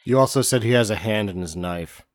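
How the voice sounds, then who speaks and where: A man's voice: fairly low pitch, a little fast, dry recording, clean studio sound. A man in casual podcast talk, dryly critiquing a movie and swearing now and then. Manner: sardonic, critical, profane. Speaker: podcast co-host.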